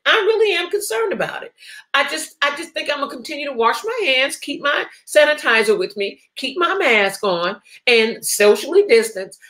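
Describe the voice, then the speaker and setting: A woman's voice: sits high, bright, forceful tone. A woman hosting a live online talk show, chatting casually, reading viewer comments and laughing often.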